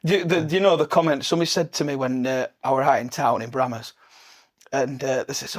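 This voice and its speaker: A man's voice: mid-range voice, a little fast. A man hosting a casual podcast chat, telling stories animatedly and laughing often. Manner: animated storyteller, laughs often, acts out swearing managers. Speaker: podcast host.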